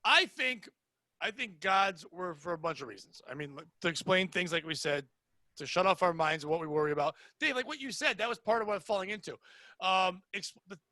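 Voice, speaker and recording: A man co-hosting a podcast in casual chat, animated and crude, with bursts of shouting. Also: high-pitched, no room sound. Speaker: podcast co-host.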